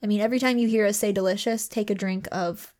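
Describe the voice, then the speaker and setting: A woman's voice: mid-range voice, steady tone, quick pace, a little mellow. A woman co-hosting a casual book podcast, gushing and chatty with frequent laughs. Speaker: podcast co-host.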